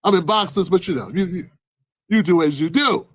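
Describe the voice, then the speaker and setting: A man ranting in a political commentary vlog, animated, acting out scenes with loud exclamations. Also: sits high, brisk, no echo, poor audio.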